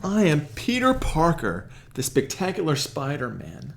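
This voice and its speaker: A man's voice: fairly high pitch, wildly swooping pitch, a little slow, gravelly, pitched above the performer's own voice, heavily acted. Man doing a meek, stammering lovesick hero. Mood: earnest, sheepish. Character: timid, lovesick young male superhero. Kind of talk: comic retelling of a comic book scene.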